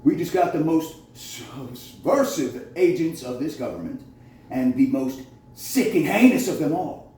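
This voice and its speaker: A man's voice: fairly high pitch, warm tone. A man delivering a heated, profane, accusatory monologue to camera, recorded on a phone. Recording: very echoey room, voice far from mic, faint noise.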